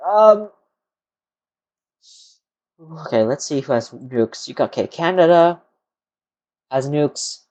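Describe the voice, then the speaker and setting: Young male streamer, tired and unhurried, mutters to himself at his desk mic. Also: on the high side, animated, darkish tone. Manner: rambling, muttering to himself, answering chat questions. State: tired, yawning. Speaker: live streamer. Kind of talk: casual live-stream chat while working.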